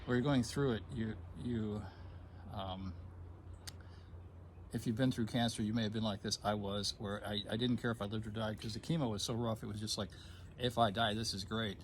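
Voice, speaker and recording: A man in his fifties telling a personal story in a relaxed conversation, pausing often with ums and restarts. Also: on the low side, slight background noise. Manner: hesitant, many ums, gets choked up then laughs. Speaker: guest sharing a personal story.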